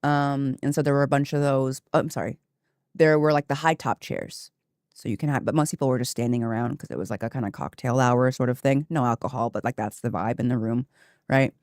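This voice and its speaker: A woman streamer chatting casually with her viewers, telling a story with lively asides and laughter. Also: rumbling low, fairly quick, no echo, studio quality.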